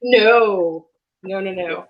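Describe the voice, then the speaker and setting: A woman's voice: mid-range voice, very slow, dull audio. Casual apologetic woman on a laptop. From Canada. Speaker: guest cook. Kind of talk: casual video call chat. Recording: laptop mic with faint background noise.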